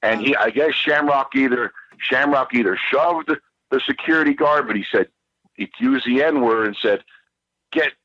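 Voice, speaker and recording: A man's voice: mid-range voice, normal speed, dry recording, highs cut off. A man who is a guest on a podcast, telling a rambling, heated, profane story and repeating himself as he goes.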